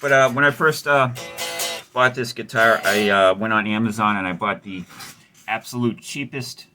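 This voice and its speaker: While working on a guitar, the host of a guitar repair channel chats casually at normal speed in a voice on the low side. His manner is rambling, wry and self-mocking, full of fillers.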